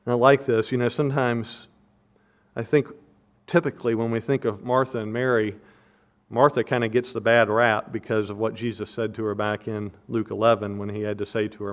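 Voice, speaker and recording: A preacher with a fairly low voice delivers an expository sermon at a brisk pace and in a level tone. Earnest and emphatic, he repeats his questions for emphasis and breaks down verses and verb tenses the way a teacher would.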